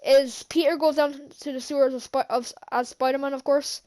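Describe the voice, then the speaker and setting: A woman with a high-pitched voice talks through a movie scene by scene in a loose, casual vlog. She hesitates often, restarts her sentences and fills gaps with little words. She keeps chuckling to herself as she goes. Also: fairly even intonation, moderate pace, a little mellow. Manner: rambling, hesitant, many fillers and restarts. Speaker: channel host, film reviewer.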